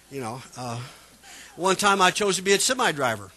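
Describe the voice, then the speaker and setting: A man preaching a folksy, chatty sermon full of personal stories, growing loud when he gets fervent. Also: sits high, sing-song, normal speed. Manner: folksy, chatty, repeats "you know what I'm saying".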